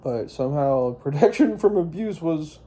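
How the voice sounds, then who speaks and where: A man's voice: a little high, animated, moderate pace, mellow, slightly rough. A young man telling a personal story in a rambling, profane monologue, full of fillers and restarts. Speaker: vlogger.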